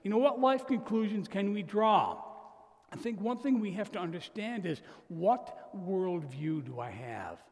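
A pastor preaches in a church hall, his voice a touch high and gravelly. He talks conversationally, breaking into asides and acting out quoted lines for emphasis. The hall adds a long, lingering reverb. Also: animated, measured pace. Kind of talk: sermon.

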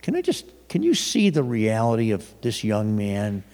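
A man's voice: lowish voice, wildly swooping pitch, moderate pace, warm tone. A man preaching a sermon in a loose, conversational storytelling way, often restarting his sentences. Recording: long reverb of a large hall.

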